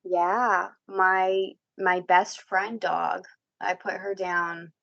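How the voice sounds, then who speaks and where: Low, gravelly woman on dull audio. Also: level tone, drawn-out words, no echo. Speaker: podcast guest. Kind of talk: casual podcast conversation.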